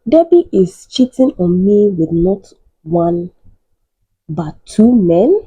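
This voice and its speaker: Betrayed husband, dramatic and wounded, read by a woman; low, unhurried, muffled recording. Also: sing-song, dark tone, breathy edge, exaggerated voice. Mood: indignant. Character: heartbroken husband telling his own story.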